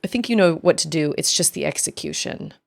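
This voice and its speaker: A woman's voice: low voice, big pitch swings, fairly quick, creaky. A woman streaming a video game, commenting live and often exclaiming and squealing as she plays.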